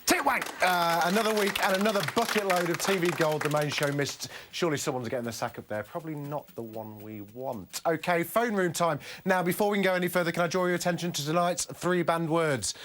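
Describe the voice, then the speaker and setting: A man's voice: on the high side, fairly bright tone. A man hosting a live phone-in show, joking and teasing his callers. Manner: teasing, quick to joke with callers. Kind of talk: cheeky live studio chat.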